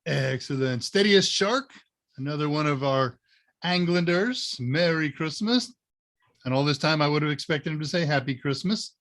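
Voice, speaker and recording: A man's voice: fairly high pitch, expressive, normal speed, a bit bright. A man from Northern Ohio hosting a live Q&A stream, telling rambling, anecdotal stories in a casual way, with plenty of "uh"s along the way. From Northern Ohio, USA. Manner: rambling anecdotal storyteller with many fillers. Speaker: live Q&A show host.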